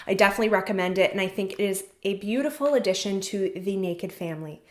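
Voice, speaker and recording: A woman's voice: mid-range voice, quick pace. A woman chatting enthusiastically through a casual makeup tutorial as a beauty vlogger, talking while she works. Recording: echoey room.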